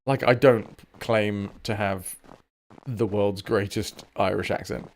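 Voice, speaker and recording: A man's voice: lowish voice, steady tone, slow. A man with a southern English accent, chatting casually and joking while he streams a game. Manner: chatty, jokey, swears now and then. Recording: game music behind.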